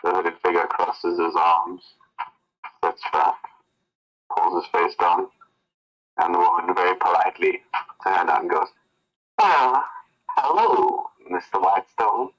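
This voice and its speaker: A man narrating as game master of a tabletop game, telling the scene in a casual, relaxed way. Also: deep voice, unhurried, pauses often, lo-fi sound.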